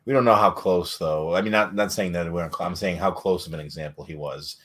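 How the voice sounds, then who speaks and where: A man's voice: deep voice, a little fast, a bit bright. A man co-hosting a podcast, telling stories in a laid-back way with lots of fillers. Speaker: podcast co-host. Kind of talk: casual chat.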